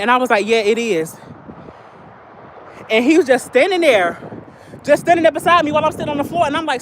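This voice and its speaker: A trans woman walks through an outdoor field on a phone livestream, telling stories in a loose, slangy, chatty way. Her voice sits high. Steady highway traffic rumbles loudly under everything she says. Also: fairly quick, long pauses, poor audio. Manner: chatty, slangy storytelling while walking outdoors. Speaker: vlogger living in a car. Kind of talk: casual livestream chat. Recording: loud outdoor traffic noise.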